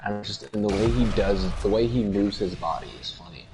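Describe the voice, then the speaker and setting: A man's voice: fairly low pitch, background noise. A young man chatting casually with a friend, telling profane, rambling stories. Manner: rambling, profane storytelling with quick impressions of others. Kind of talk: casual chat.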